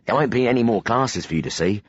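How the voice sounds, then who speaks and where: Audiobook casting: a sneaky, excited young boy, put on by a male narrator, raised and bright in tone. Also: medium pitch, quick pace, slightly rough, highs cut off, voice pushed up. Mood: eager.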